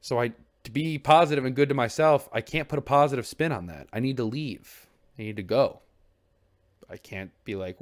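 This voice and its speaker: A man's voice: medium pitch, normal speed. A young man talking alone on his stream, candid and earnest, rambling with restarts and casual swearing. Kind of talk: reflective solo stream chat.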